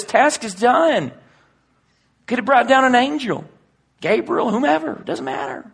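A man preaching a sermon and reading scripture aloud. He swings between loud, forceful emphasis and hushed, near-whispered passages. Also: extremely high pitch, expressive, unhurried, creaky, long pauses, breathy edge. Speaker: pastor.

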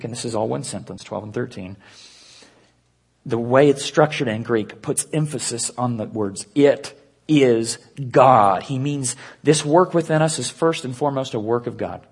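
A man preaching an earnest sermon, dropping to a hush and slowing down to stress key points. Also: medium pitch, vocal fry, breathy edge. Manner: earnest preaching with hushed, slowed emphasis. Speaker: pastor.

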